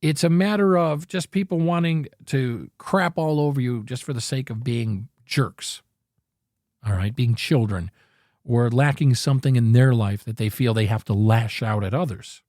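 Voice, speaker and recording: A man's voice: medium pitch, normal speed, darkish tone, dry recording. Man, podcast host, earnest motivational monologue, rambling, mid-range voice, dry sound. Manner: earnest, rambling, self-correcting.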